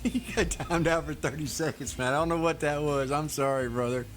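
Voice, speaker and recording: A man's voice: a little high, brisk, slight background noise. A man chatting casually with viewers while streaming a truck driving game, laid-back and laughing often. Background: faint music.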